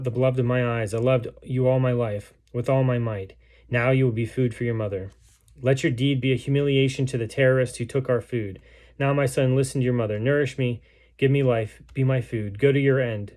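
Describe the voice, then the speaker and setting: A man's voice: medium pitch, steady tone, fairly quick, darkish tone, natural voice. A man reading aloud the words of a starving, grief-stricken mother in a besieged city, in a solemn, pleading way. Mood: pleading, grieving.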